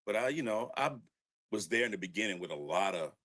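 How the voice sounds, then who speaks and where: A low-pitched older man recounting his studio days in an easygoing interview. He laughs often and acts out old conversations in a raised voice. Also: animated, brisk, a bit bright. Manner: laid-back storyteller who laughs and acts out quotes. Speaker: record producer guest. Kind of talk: storytelling interview.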